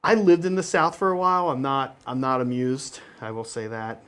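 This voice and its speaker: A man's voice: mid-range voice, steady tone, moderate pace, a bit bright, clear, resonant tone. A young adult man co-hosting a casual gaming stream. He talks in a rambling, hesitant, self-conscious way, full of restarts. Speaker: stream co-host and wargame player.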